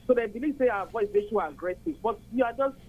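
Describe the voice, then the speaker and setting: An older woman from Nigeria with a Nigerian accent, calling in to a radio chat and explaining at length, earnest and steady. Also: on the high side, fast talker, husky, narrow, tinny audio. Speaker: caller.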